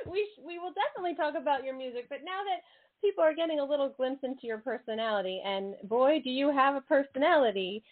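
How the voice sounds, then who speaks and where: A woman hosting an interview show, bubbly and quick to laugh, talking eagerly with her guest. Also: sits high, lively intonation. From United States. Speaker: host. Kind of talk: casual interview chat. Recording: tinny phone-like sound.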